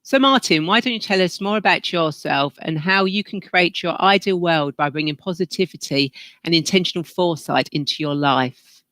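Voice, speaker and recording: A man introduces his spiritual talk show with steady enthusiasm. His voice sits a little high and rings bright and clear. The sound is dry and close, with no room around it. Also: normal speed, dry recording. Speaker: podcast host.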